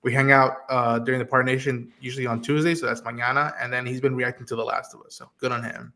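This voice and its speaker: A man hosting a casual live-streamed podcast, retelling scenes quickly and acting out the lines. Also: medium pitch. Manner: quick, animated retelling of scenes with acted-out quotes. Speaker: podcast host.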